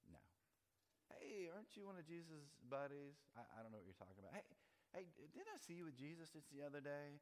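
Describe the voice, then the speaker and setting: A man's voice: on the high side, big pitch swings, normal speed, pitched above the performer's own voice. A man doing nosy prodding bystanders. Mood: accusing. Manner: prodding, accusing questions. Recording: long hall reverb.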